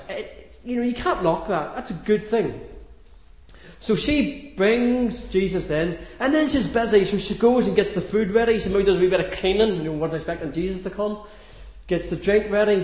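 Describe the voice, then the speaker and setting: A man's voice: high-pitched, roomy sound. A man giving a sermon in a chatty, homely storytelling manner with light humour. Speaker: preacher.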